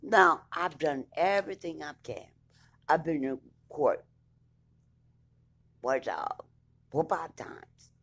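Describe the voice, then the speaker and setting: Woman, indignant and blunt, lively swooping pitch, recounting her own story. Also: slow pace, long pauses, breathy edge. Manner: indignant, blunt, swears freely. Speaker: vlogger recounting her court case. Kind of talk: emphatic personal account, reading documents aloud.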